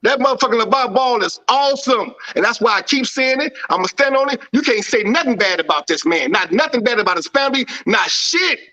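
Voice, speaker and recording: Man, high bright voice, heated profane livestream rant, hammers his points home. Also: expressive, brisk, hardly any pauses, low-quality recording. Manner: loud, preachy, repeats phrases for emphasis. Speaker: livestream panelist.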